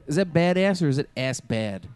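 Male podcast co-host, expressive pitch, quick one-liners. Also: smooth. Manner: jokey interjections. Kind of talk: casual comedic chat.

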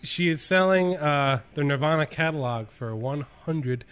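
A man's voice: fairly high pitch, expressive, measured pace, fairly bright tone, smooth. A man hosting a comedy radio show, teasing his co-hosts and reading out news. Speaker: radio host.

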